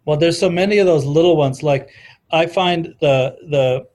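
Thoughtful man, fairly high voice. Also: moderate pace, a little mellow. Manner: thoughtful, quotes literature from memory, frequent restarts. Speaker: discussion guest on recovery history. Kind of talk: casual conversation.

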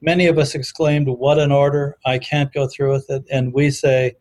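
A man's voice: mid-range voice, flat delivery, moderate pace, darkish tone. A man in a casual conversation, thoughtfully quoting literature from memory with frequent restarts. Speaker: discussion guest on recovery history.

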